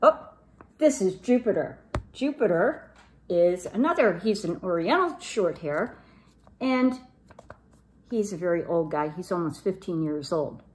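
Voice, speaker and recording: A woman reading a children's picture book aloud as storyteller, expressive and animated. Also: fairly low pitch, measured pace, a little hiss or hum.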